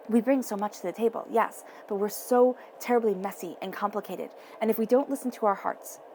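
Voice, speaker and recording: A woman's voice: mid-range voice, warm tone, slight background noise. A woman giving a tarot reading straight to the listener, emphatic and repeating her key phrases. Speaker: tarot reader. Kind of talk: tarot reading addressed to viewers.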